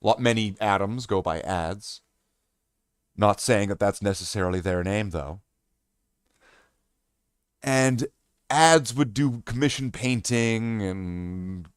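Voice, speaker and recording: A man streaming who tells a story in a casual, animated way, swearing and restarting his sentences. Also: on the low side, smooth, dry recording, studio quality.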